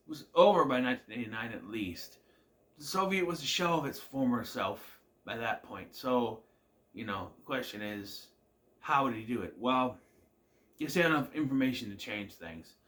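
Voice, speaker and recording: A man's voice: mid-range voice, sing-song, normal speed, a bit bright. A man giving a casual, rambling recap of a TV episode, with many fillers and restarts. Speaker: show reviewer.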